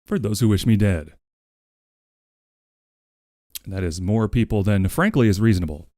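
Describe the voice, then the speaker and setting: A man's voice: fairly low pitch, fast talker, dark tone, no room sound, studio quality. A man streaming from home, chatting casually with his viewers, playful and crude, and he often sings along to music. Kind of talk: casual live-stream chat.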